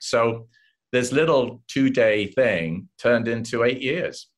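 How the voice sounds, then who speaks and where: An older English man, an actor guest, telling animated stories in an interview and acting out the voices of the people in them. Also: medium pitch, slow pace. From England. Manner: animated anecdotes, acts out voices of others. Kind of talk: casual interview storytelling.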